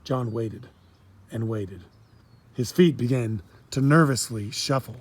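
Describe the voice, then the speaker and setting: Husky male storybook narrator. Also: medium pitch, slow pace. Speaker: audiobook narrator.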